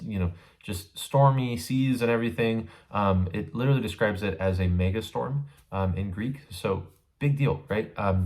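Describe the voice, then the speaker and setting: A man's voice: fairly low pitch, a little mellow. A man giving a casual, conversational Bible study lesson, often checking in with his listeners as he explains a passage. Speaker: Bible teacher.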